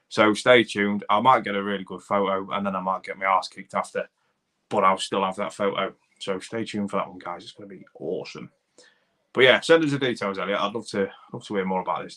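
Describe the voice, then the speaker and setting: Lincolnshire bloke chatting on a live stream, kinda low voice, rambly and matey, lots of ums. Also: male voice, pushed and bright. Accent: English, Lincolnshire. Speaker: YouTube channel host reading live chat. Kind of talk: casual live-stream chat.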